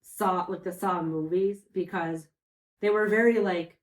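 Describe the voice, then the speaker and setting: A young woman chatting casually on a podcast, telling animated stories and saying "like" a lot. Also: fairly low pitch, unhurried. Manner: animated storyteller, heavy use of "like". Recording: roomy, distant from the mic.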